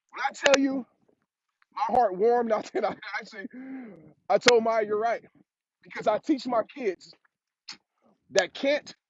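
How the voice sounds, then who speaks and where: High-voiced preachy man, hissy lo-fi. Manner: preachy, repeats phrases for emphasis. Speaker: motivational speaker. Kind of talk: motivational talk. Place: outdoors on a road. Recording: dull lo-fi sound with clear hiss.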